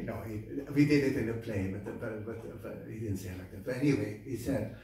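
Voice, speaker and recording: A man giving a temple class as an animated storyteller, acting out voices and stopping for fillers, recorded from far off in a large temple hall. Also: fairly low pitch, brisk. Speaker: lecturer at a temple. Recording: echoey hall, mic far off.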